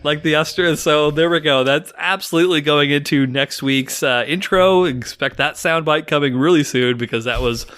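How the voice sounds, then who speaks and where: A man's voice: on the high side, normal speed, few pauses, fairly bright tone, clear, resonant tone. A young adult man hosting a podcast in casual chat, joking, laughing often and swearing freely. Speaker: podcast host.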